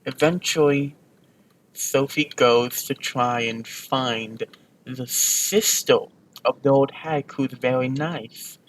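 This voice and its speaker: Slow, rambling young-sounding gamer guy. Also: medium pitch, rough recording. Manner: rambling, lots of fillers and restarts. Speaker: let's play gamer. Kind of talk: casual rambling recap over gameplay.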